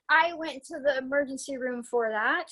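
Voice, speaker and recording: A woman's voice: sits high, unhurried, sharp tone, low-quality recording. Chatty rambling woman herbalist, recovering from a concussion. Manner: chatty, rambling, laughs often, many likes and restarts. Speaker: guest herbalist. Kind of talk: casual podcast interview.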